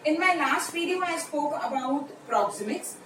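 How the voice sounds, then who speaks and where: A woman from India with an Indian English accent gives a lecture video, explaining terms step by step and repeating the key ones. Her voice sits high and animated at a normal speed. The room is echoey, the mic distant, and there's background noise.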